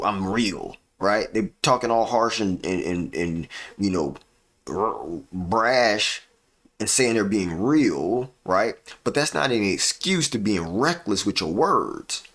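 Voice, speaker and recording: Man with a lowish voice, live-stream host in a preachy motivational mode, paces his points with deliberate pauses and keeps checking in with "right?". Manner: preachy, repeats "right?" as a tag; uses deliberate dramatic pauses.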